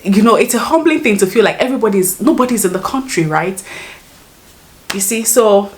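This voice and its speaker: A woman's voice: mid-range voice, lively intonation, a little fast. Chatty Nigerian woman vlogging. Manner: chatty, laughs often, rephrases mid-sentence. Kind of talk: casual chat to camera.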